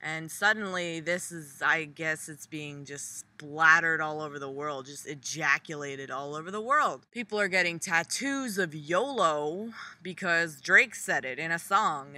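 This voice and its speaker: A young woman vlogger delivering a profane, sarcastic comedic rant, jumping high for mocking asides. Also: measured pace, bright, forceful tone. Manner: sarcastic, profane, jumpy pitch for mock quotes.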